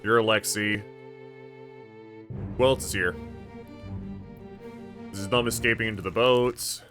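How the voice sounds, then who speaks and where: Man, game streamer, casual commentary, hesitant musing, bright tone. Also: on the low side, steady tone, measured pace, soft background music. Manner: musing, thinking aloud, hesitant.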